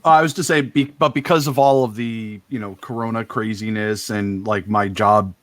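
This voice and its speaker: Man, deadpan jokes, middle pitch, dry close sound, video call. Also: moderate pace, no echo. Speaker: podcast guest. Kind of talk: casual video call chat.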